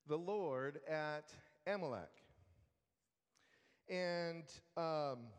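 A man teaching a Bible study lesson in a relaxed, conversational way, with fillers and restarts. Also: sits high, in a large hall.

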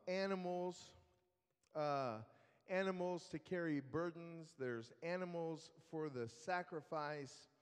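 A man preaches a sermon and tells the story in a relaxed, conversational way. He speaks slowly, and his voice sits a little high. A long reverb hangs after his words, as in a large hall. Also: smooth.

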